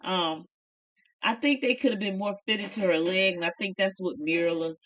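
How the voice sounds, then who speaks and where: A woman's voice: mid-range voice, moderate pace, a bit bright. A middle-aged woman casually chatting through a reality show review in a folksy, opinionated way.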